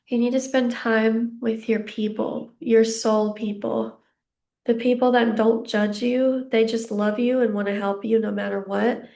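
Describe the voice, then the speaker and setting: Young female tarot reader, slightly breathless, gravelly, unhurried and soothing. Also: on the high side. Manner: gentle, reassuring, meandering with fillers. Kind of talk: casual psychic reading to camera.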